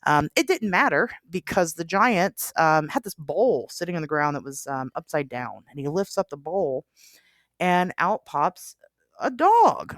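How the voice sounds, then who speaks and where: A woman with a lowish voice hosting a podcast, telling a folktale in relaxed, chatty storytelling. She laughs easily between lines, and her voice sounds close and dry with no room echo. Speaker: podcast host. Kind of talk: casual chat and folktale storytelling.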